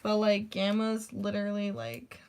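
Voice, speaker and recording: A woman's voice: mid-range voice, sing-song, moderate pace, a little mellow, a little hiss or hum. A young woman ranting casually in a vlog, rambling with constant "like" fillers and casual swearing. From United States. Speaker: vlogger. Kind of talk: casual rant.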